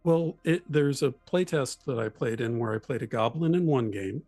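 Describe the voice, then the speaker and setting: Animated man explaining character voices. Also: mid-range voice, normal speed, no echo, soft background music. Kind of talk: casual chat about tabletop role-playing.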